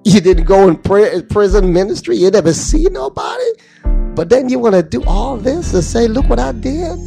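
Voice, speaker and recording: Gravelly high-voiced man preaching on air. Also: very animated, moderate pace, over music. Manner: preachy, breaks into sing-song phrases. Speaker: radio DJ and host. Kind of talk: heartfelt devotional radio talk. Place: radio studio. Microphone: studio microphone at a mixing desk.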